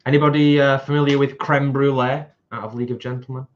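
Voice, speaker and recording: A man's voice: medium pitch, little pitch movement, quick pace, lo-fi sound. Chatty British man on a live stream. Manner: chatty, reads out viewer comments, laughs easily. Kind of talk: casual live stream chat.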